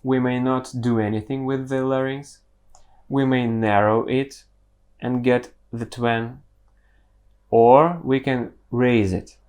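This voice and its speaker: A man's voice: medium pitch, fairly even intonation, takes it slowly, darkish tone, smooth. A man teaching singing, explaining step by step with the odd self-correction. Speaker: vocal coach.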